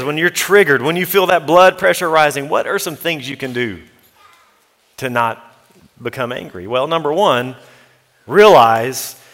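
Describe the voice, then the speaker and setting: A male pastor preaches an earnest, practical sermon, quoting scripture as he goes. His voice sits slightly high for a man. It rings with the long reverb of a church sanctuary. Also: pushed and bright.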